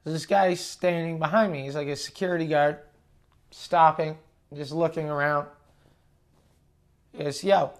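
A man's voice: a little high, fairly even intonation, unhurried, long pauses. Profane ranting young man telling a story. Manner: profane, ranting, self-mocking. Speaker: podcast host. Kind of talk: casual storytelling monologue.

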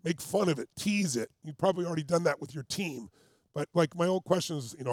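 A man's voice: fairly high pitch, expressive, fast, a little mellow, dry recording, studio quality. A man as a motivational coach, leading a live group exercise with urgent, commanding, repeated cues.

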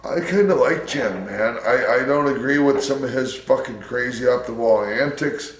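A man's voice: mid-range voice, normal speed. A man in laid-back, profane casual chat, chuckling and swearing as he talks. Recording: echoey room.

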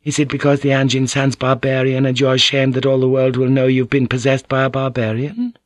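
A man's voice: mid-range voice, little pitch movement, fairly quick, dry recording, clean studio sound, voice pushed up, natural voice. A man reading a novel aloud and voicing a young, graceful courtesan who speaks gaily and lightly. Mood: bright. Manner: gay, light. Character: young, graceful courtesan woman, gay and poised.

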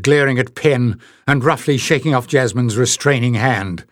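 A man narrating a fantasy audiobook in a steady, expressive storytelling manner. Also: medium pitch, measured pace, few pauses, no room sound, clean studio sound. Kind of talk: scripted narration.

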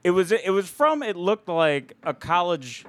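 A man's voice: high-pitched, big pitch swings, a bit bright, no echo. A man co-hosting a casual comedy talk show, chiming in with jokes. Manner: wisecracking, quick to chime in with jokes. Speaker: podcast co-host.

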